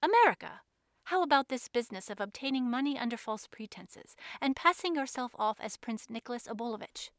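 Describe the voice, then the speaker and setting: A woman's voice: on the high side, expressive, a little fast, no echo, clean studio sound. A woman doing an intense French male detective. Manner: earnest, insistent, emphatic.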